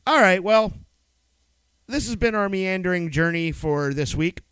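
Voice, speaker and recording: A man's voice: sits high, expressive, unhurried, a bit bright, clean tone. A man co-hosts a casual podcast, rambling and swearing freely. His voice rises and falls a lot as he talks. The sound is dry and close, with no room echo. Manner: loose, profane, rambling storyteller. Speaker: podcast co-host. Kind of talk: casual chat.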